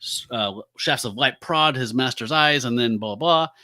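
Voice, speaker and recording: Male podcast co-host, bright voice, dry close sound, casual chatty recap. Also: mid-range voice, normal speed, dry recording. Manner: relaxed, recaps and acts out quotes with laughs. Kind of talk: casual comic book discussion.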